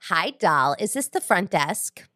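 A woman's voice: lowish voice, sing-song, measured pace, sharp tone, no echo, exaggerated voice. Woman putting on a breezy celebrity momager voice, calls everyone doll, prank call, dry close sound. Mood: gushing. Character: gushing celebrity momager mom, middle-aged woman. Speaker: podcast host.

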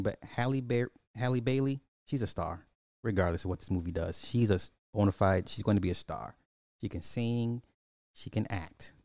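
A man's voice: lowish voice, dark tone, dry recording, clean studio sound. A man hosting a casual live podcast, rambling through movie box office talk and answering chat comments with frequent restarts.

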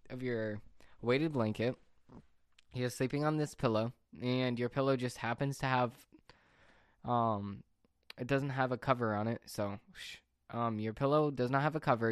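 A young man casually telling a rambling, animated story on a podcast. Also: medium pitch, clean tone, dry recording, clean studio sound. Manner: rambling, animated anecdote with fillers and asides. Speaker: podcast speaker.

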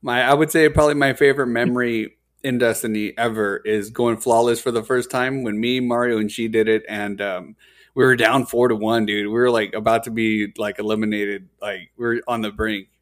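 Animated young man swearing through a story. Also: medium pitch, fairly quick. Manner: animated, profane, says dude and hella. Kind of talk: casual storytelling chat.

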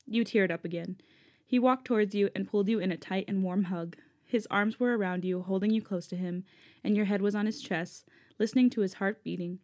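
A woman's voice: medium pitch, steady tone, a little fast, darkish tone. A young woman co-hosting a podcast, casually reading fanfiction aloud in a playful, giggly way. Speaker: podcast co-host.

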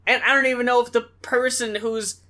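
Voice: mid-range voice, steady tone, brisk, bright, forceful tone. Puzzled co-host thinking aloud. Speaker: music review co-host. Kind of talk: casual review chat.

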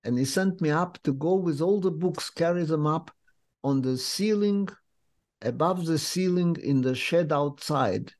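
An older man from Lithuania, recounting his memories in an interview as a vivid, unhurried storyteller. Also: on the high side, a little mellow. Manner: vivid, unhurried storyteller with slightly non-native English phrasing. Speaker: interviewee, memoir author.

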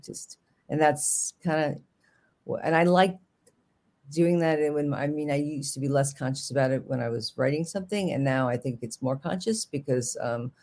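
At a normal pace, a mid-range voice with a darkish tone carries the New York author's casual interview talk. As a guest he rambles, restarts sentences frequently and keeps joking.

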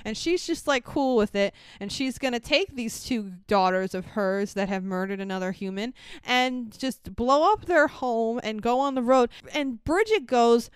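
A woman co-hosting a casual podcast, recapping a movie in an animated way, swearing freely and acting out lines. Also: on the high side, moderate pace, few pauses, smooth, no room sound. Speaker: podcast co-host.

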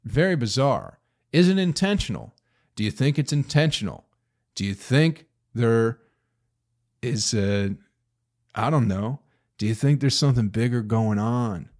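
A man's voice: medium pitch, a little slow, darkish tone. A man in his thirties hosting a solo podcast, rambling through a story and ranting with profanity, rhetorical questions and sudden bursts of emphasis. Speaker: podcast host. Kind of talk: casual solo podcast rant.

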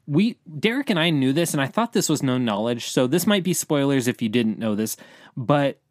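A man's voice: medium pitch, lively intonation, no echo, studio quality. Chatty young man podcasting news. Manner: chatty, many fillers, quick bursts. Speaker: podcast co-host, editor-in-chief. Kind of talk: casual podcast chat about entertainment news.

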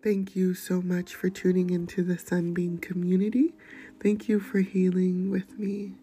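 A woman hosting a podcast, speaking gently and often slipping into a breathy near-whisper as she shares encouragement and poetry. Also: lowish voice. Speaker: podcast host. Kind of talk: gentle motivational talk and poetry reading.

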